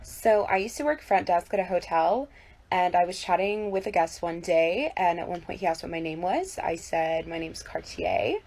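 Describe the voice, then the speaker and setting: A woman who used to work a hotel front desk, telling a story in a wry, animated way. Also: lowish voice, normal speed. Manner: animated, wry, acts out both sides. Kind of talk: casual storytelling to camera.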